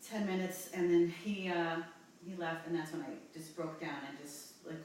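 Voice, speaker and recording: A woman from New Jersey in her forties, telling a personal story in an interview with halting, rambling speech and many fillers. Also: low voice, level tone, a little mellow, far from the mic, slight background noise. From New Jersey, USA. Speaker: interview guest. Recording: echoey room, voice from off-mic.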